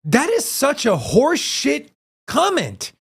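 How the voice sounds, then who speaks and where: A man's voice: very high voice, huge pitch swings, slow pace, vocal fry, fairly bright tone, slight background noise. A man co-hosting a crypto livestream in casual chat, joking with his co-hosts and ranting heatedly about the news.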